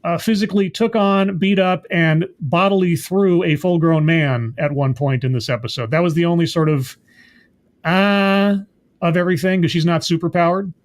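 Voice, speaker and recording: Brief: male reviewer with a fairly high voice, casual recap, hesitant and thinking aloud. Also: moderate pace. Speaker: show reviewer.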